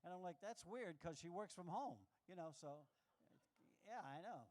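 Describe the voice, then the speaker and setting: Brash high-voiced male stand-up comic. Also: lively intonation, normal speed, a little mellow. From New York. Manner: brash, self-mocking punchline delivery. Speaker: stand-up comedian. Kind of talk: stand-up comedy set. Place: live comedy showroom with audience.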